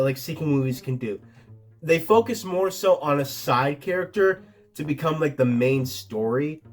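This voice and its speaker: Young male host, animated and sarcastic, very lively pitch, light music bed. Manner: animated, sarcastic, crude jokes. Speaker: tier list video host. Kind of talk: casual commentary ranking movies.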